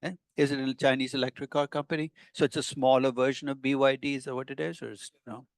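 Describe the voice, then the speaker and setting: An older man teaches a class in a relaxed, conversational way, tossing wry asides at his students. His voice sits at an ordinary middle pitch. The sound is close and dry, with little room echo. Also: fast, gravelly. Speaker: professor. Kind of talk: classroom lecture. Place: lecture hall with students.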